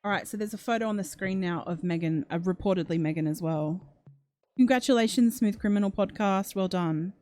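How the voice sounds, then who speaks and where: A warm-toned, medium-pitched woman talks fairly quickly as the host of a true crime channel's livestream. Chatty, she reads comments aloud and reacts with strong emotion, gasping and on the verge of tears.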